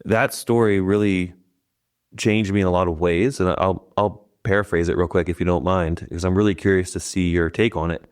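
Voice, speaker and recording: A man's voice: deep voice, steady tone, moderate pace, clear, resonant tone. A man hosting a podcast, retelling a story in a casual, rambling way. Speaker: podcast host. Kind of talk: podcast interview.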